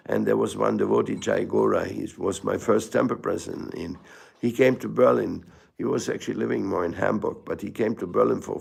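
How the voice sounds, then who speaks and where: Older guy, low gravelly husky voice, giving a rambling storytelling spiritual talk. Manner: storytelling, halting restarts, rhetorical asides. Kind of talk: informal spiritual lecture.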